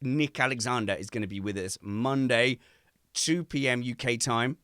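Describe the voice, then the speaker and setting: A man hosting a casual podcast livestream from home, animated and joking. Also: mid-range voice, normal speed, clear, resonant tone, no echo, studio quality. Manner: animated, jokey. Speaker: podcast host. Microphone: streaming mic.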